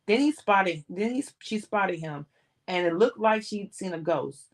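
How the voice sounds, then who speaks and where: A woman reading a novel aloud on a livestream, steady and plain, sometimes restarting a word. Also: medium pitch, normal speed. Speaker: audiobook reader.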